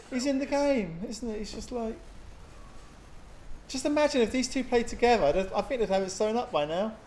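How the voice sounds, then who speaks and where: Excitable man casting a game live. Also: extremely high pitch, normal speed, pauses often, slight background noise. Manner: excitable, chatty, laughs often. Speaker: game caster.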